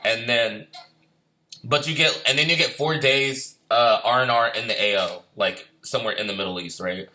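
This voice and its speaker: A man's voice: mid-range voice, moderate pace, sharp tone. A middle-aged man, a former Marine, telling a rambling, profane war story in casual talk. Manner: profane, rambling, repeats himself. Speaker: former Marine recounting deployment.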